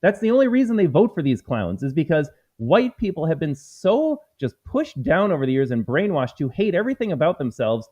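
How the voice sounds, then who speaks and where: A man's voice: on the high side, big pitch swings, brisk, hardly any pauses, mellow. A man hosting a live political commentary stream, talking in an emphatic, combative way and calling his viewers folks. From United States. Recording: slightly dull lo-fi stream audio.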